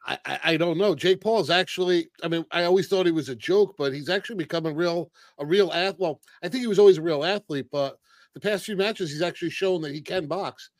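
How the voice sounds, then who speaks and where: Higher-voiced man on a dry mic. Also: a little fast, no room sound. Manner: hesitant, stammering. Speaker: co-host reading the chat. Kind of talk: casual wrestling chat.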